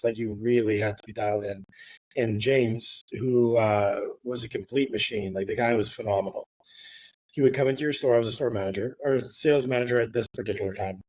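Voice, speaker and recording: A man's voice: mid-range voice, a little mellow, no echo. Chatty man telling a work story. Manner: rambling, filler-heavy, swears, ends with "right?". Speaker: real estate agent guest. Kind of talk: casual storytelling interview.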